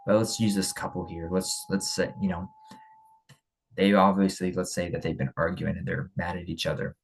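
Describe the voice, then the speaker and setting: A man's voice: sits low, flat delivery, moderate pace, vocal fry, slight background noise, poor audio. A young man giving a casual motivational talk, blunt and emphatic, often repeating himself. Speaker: speaker on men's character.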